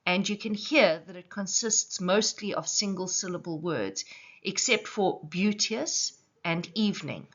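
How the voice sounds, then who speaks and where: A woman teaching a poetry lesson, explaining clearly and slowing down to stress syllables. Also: fairly low pitch, a bit bright, muffled recording.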